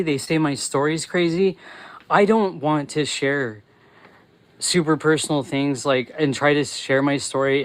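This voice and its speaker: A man hosting a live stream, ranting angrily and swearing, breaking into yelling, often restarting his phrases mid-sentence while reading and answering chat messages. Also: on the high side, rough recording. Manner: angry, swearing, yelling in bursts. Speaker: livestream host.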